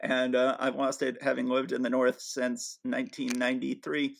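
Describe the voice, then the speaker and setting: A man's voice: medium pitch, monotone, moderate pace, creaky. A man from Atlanta hosting a podcast, talking in a casual, upbeat and welcoming way. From Atlanta, Georgia. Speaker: podcast host.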